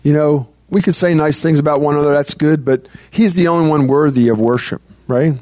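A man's voice: a little high, steady tone, a little fast, a little mellow, no echo. A man preaching a conversational sermon as pastor. He speaks earnestly and breaks into prayer as he teaches. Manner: earnest, prays aloud mid-talk.

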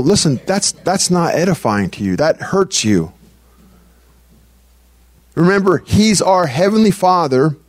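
A man's voice: fairly high pitch, dry recording, clean studio sound. A man preaching a conversational sermon as pastor. He speaks earnestly and breaks into prayer as he teaches. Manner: earnest, prays aloud mid-talk.

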